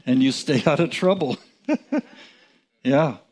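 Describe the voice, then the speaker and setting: A man teaching from the Bible in a relaxed, conversational way, chuckling and restarting his sentences. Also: medium pitch, takes it slowly. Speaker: preacher.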